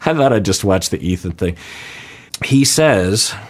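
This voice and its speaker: A man giving measured, analytical reaction commentary as he grades a public apology, now and then laughing lightly at himself. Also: on the low side, expressive.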